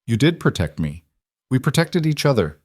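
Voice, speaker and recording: A man's voice: mid-range voice, very animated, normal speed, pitched above the performer's own voice. A man voicing a brave, defiant young woman, a bride, who speaks with determined firmness. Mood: tender firm. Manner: determined, firm.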